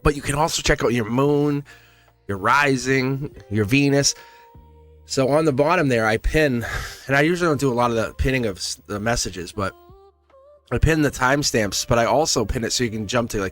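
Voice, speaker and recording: A man's voice: mid-range voice, brisk, fairly bright tone, soft background music. A man hosting a live tarot stream, talking casually and encouragingly to his chat with frequent laughs. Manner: rambling, encouraging, laughs often; talks straight to chat viewers.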